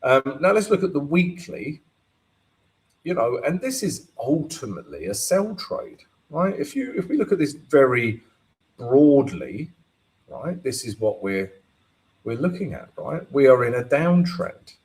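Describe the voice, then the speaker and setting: A man's voice: medium pitch, sing-song, a little mellow, poor audio. A man hosting a live trading stream, explaining charts casually and often checking in with "right?" and "you know". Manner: unhurried, keeps asking "right?" and "you know". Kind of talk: live market analysis and Q&A.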